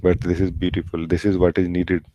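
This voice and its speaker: A man leading a satsang as spiritual teacher, speaking slowly and gently with many pauses and fillers over a video call. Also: low-pitched, completely flat delivery, a little hiss or hum, poor audio. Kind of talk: satsang talk.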